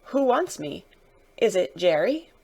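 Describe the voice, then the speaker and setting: A woman's voice: medium pitch, very animated, fast talker. A woman voicing a mild, nervous older male passenger with a slightly quavering voice. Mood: uneasy. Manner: mildly quavering.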